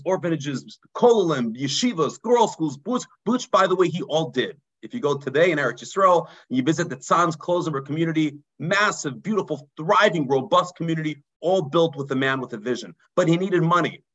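A man, a rabbi telling a story in a mussar sermon, dropping low and quiet for emphasis. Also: lively intonation, fairly quick, hardly any pauses, muffled recording. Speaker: rabbi teaching a mussar class.

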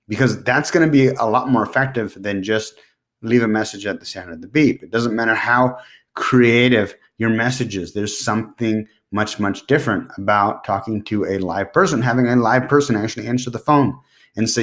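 A man's voice: fairly low pitch, normal speed, a bit bright. A man hosting a solo podcast, giving direct, emphatic business advice and repeating his key points. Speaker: podcast host.

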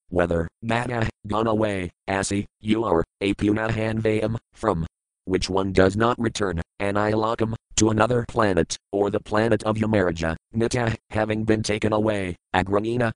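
A man reading scripture verses aloud, giving each word's meaning and then the translation in a measured, deliberate recitation. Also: lowish voice, smooth, no room sound, low-quality recording. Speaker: scripture reader.

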